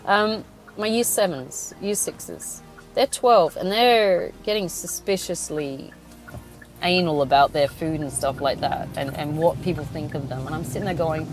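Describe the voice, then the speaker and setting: A woman's voice: low-pitched, a little slow, soft background music. A woman in her thirties hosting a podcast, talking bluntly with a lot of swearing in a casual monologue from inside a car. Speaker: podcast host. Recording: car road noise.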